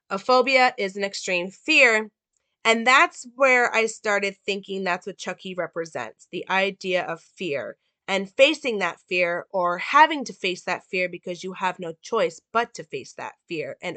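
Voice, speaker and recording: A woman's voice: medium pitch, bright, forceful tone, dry recording. A woman giving a casual analysis and plot recap of a film, talking loosely with many "like" and "um" fillers.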